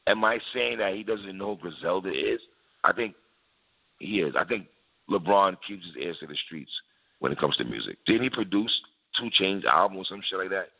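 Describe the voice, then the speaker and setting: Deep-voiced laid-back man, tinny sound. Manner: laid-back, slangy, laughs often, repeats phrases. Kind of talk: casual hip-hop debate chat.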